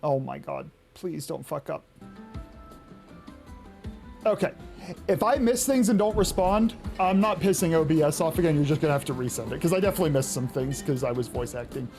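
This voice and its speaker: A woman's voice: deep voice, expressive, a little fast, gravelly, a little mellow, soft background music. A young woman streaming a game, chatting casually with viewers, laughing often and swearing now and then. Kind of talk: casual live-stream chat.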